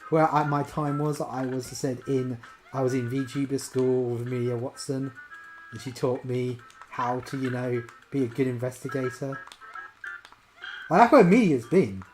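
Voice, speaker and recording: A woman streaming a video game as a VTuber, chatting in a rambling way and breaking into sudden loud exclamations. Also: very deep voice, moderate pace, soft background music, poor audio. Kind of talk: casual live-stream chat while gaming.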